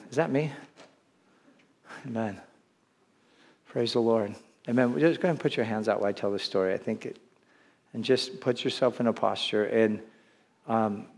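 Earnest male pastor in a reverberant church. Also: medium pitch. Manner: conversational and earnest, with frequent restarts and asides. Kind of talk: sermon. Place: church sanctuary. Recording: long hall reverb.

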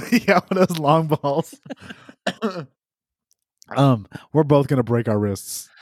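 A man's voice: fairly high pitch, animated, takes it slowly, no room sound. Male podcast co-host, rambling jokey delivery, swears freely, close dry mic. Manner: joking, rambling, swears a lot. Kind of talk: casual chat.

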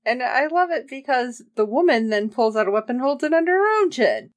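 A woman's voice: high-pitched, very animated, fairly quick, dry recording, studio quality. A woman co-hosting a podcast, animatedly recapping a TV episode and acting out the characters' lines with jokey asides. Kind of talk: casual chat.

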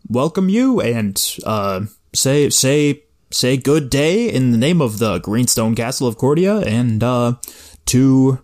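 A man player speaking in character as a polite young squire, a little halting. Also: mid-range voice, sing-song, darkish tone. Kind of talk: tabletop role-play.

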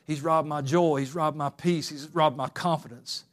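A man preaching a sermon, moving between quiet, close talk and loud, fervent exhortation. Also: fairly high pitch, steady tone, normal speed.

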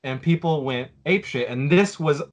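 A man's voice: on the high side, moderate pace. Chatty man rambling through a story. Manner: rambling, with many fillers and restarts. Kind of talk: casual nostalgic storytelling.

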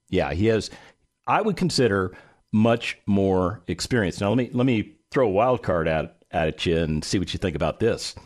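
Middle-aged male radio host, lively and emphatic, with a playful, swooping delivery. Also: low-pitched, normal speed. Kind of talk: radio talk show.

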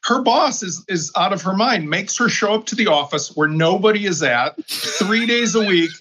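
A man on a podcast panel, giving blunt, opinionated takes in a husky voice. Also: high-pitched, expressive, moderate pace, pushed and bright, low-quality recording. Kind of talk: roundtable discussion.

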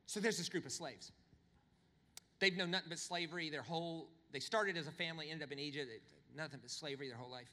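A man preaching a sermon, telling humorous stories with animated, swinging delivery. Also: fast, in a large hall. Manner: animated, humorous storytelling with big pitch swings. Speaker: pastor.

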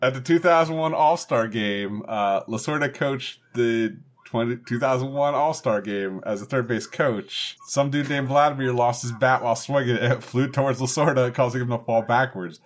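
A man's voice: medium pitch, moderate pace. A man in a casual podcast chat, bluntly swearing and recounting trivia. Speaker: podcast co-host.

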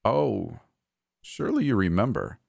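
A man voicing a manic, cruel adult brother who taunts and mocks, breaking into yells. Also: lowish voice, big pitch swings, unhurried, vocal fry, no echo, clean studio sound, pitched above the performer's own voice, heavily acted. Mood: cold taunting. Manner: taunting, mocking, erratic shifts into yelling.

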